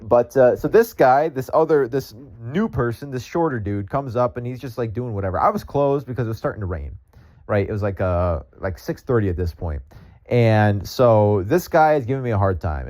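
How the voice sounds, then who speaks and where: A man's voice: fairly low pitch, lively intonation, fairly quick, darkish tone. A young man, a podcast host, tells a rambling story in casual speech, full of filler words and swearing. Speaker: podcast host and ice cream vendor.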